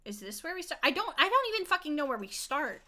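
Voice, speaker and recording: A woman's voice: high-pitched, very animated, quick pace, pushed and bright, poor audio. A young woman streaming a video game, chatting casually, laughing often, swearing freely and joking about herself. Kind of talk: casual gameplay commentary.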